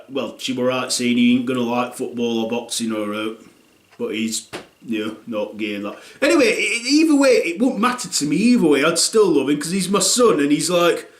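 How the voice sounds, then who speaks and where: A man's voice: mid-range voice, echoey room, close to an everyday voice. A man playing a blunt, crude dad in his thirties, rambling with lots of fillers in a comic monologue. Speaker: comedy character.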